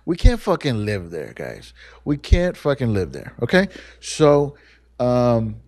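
Profane, animated man telling a story. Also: medium pitch, slow pace, dry recording, studio quality. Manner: profane, animated, acts out quotes. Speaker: podcast host. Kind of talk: casual storytelling monologue.

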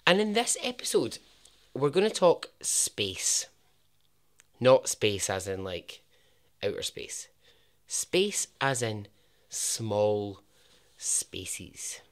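A Scottish man hosting a podcast, narrating a true story in a chatty way with jokey asides and a lowered voice for emphasis. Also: sing-song, takes it slowly, fairly bright tone. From Scotland. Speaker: podcast host.

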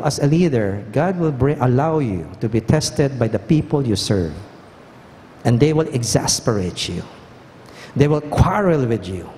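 A man's voice: medium pitch, dark tone. A pastor preaching a sermon, asking the congregation pointed questions and driving home his points. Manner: questioning, emphatic, engages the congregation. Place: church hall. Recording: echoey church hall, faint noise.

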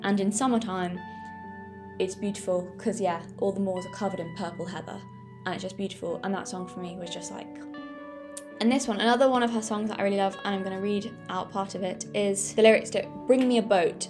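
A woman's voice: medium pitch, steady tone, fairly quick. A woman with a Yorkshire accent, talking casually and enthusiastically about songs she loves, often correcting herself mid-sentence. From Yorkshire, England. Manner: enthusiastic, rambling with self-corrections. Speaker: presenter. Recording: music playing underneath.

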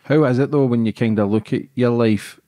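A man's voice: medium pitch, a little fast, mellow, no echo. A man hosting a podcast, talking candidly in an earnest, reflective way with loose, run-on phrasing. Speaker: podcast host. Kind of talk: candid conversation.

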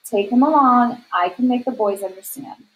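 A woman's voice: fairly high pitch, moderate pace, pitched above the performer's own voice, natural voice, rough recording. A woman voicing a worried but firm frontier mother in a storybook read-aloud. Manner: firm and sober.

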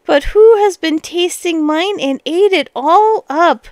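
A woman doing a squeaky, tearful little bear cub. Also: takes it slowly, dry recording, studio quality. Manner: squeaky, loud and drawn out. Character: small young male bear, tearful and indignant.

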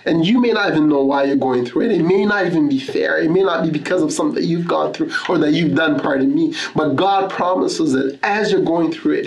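A man's voice: fairly high pitch, creaky, echoey room, slight background noise, rough recording. A man pastor giving an earnest sermon, telling a personal testimony and reading Scripture. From Canada. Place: church.

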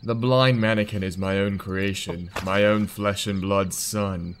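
A man's voice: lowish voice, fairly even intonation, measured pace, a little hiss or hum, pitched below the performer's own voice, natural voice. A man voicing a somber old man haunting a lake, telling his grim story. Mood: gloomy.

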